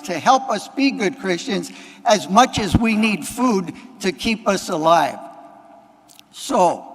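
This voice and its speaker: A man's voice: high voice, a bit bright. A man, a Catholic priest, giving a homily in plain conversational words, repeating phrases and adding offhand asides. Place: large church. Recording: long echo of a church hall.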